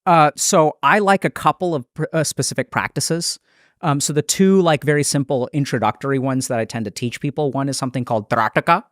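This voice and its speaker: A psychiatrist in a podcast interview, a man explaining his ideas thoughtfully, with quick restarts. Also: mid-range voice, a bit bright, dry recording, studio quality.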